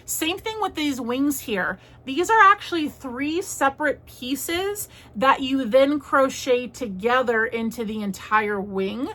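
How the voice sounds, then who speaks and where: A young woman talks in a chatty, rambling way as she hosts her crochet vlog. Her voice is bright and sits a little high, with a crisp edge. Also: expressive, slow, hardly any pauses. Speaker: crochet vlogger. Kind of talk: casual chat.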